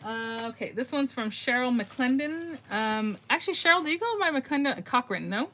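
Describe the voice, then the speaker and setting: A woman's voice: high voice, animated, moderate pace, sharp tone, slight background noise. A middle-aged woman hosting a casual live craft-mail reveal on her phone, chatty and gushing, thinking aloud and laughing often as she answers viewer comments.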